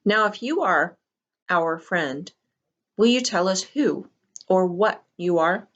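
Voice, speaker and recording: A woman voicing a determined, wry teenage boy in a storybook reading, often speaking in a low, urgent hush. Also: slow pace, muffled recording. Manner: hushed, urging, wry.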